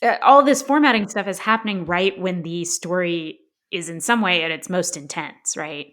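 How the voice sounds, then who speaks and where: A woman's voice: on the low side, moderate pace, fairly bright tone. A woman co-hosting a book club podcast, talking in a thoughtful, musing way. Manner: thoughtful, musing, frequent you know and right. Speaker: podcast co-host. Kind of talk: casual book club discussion.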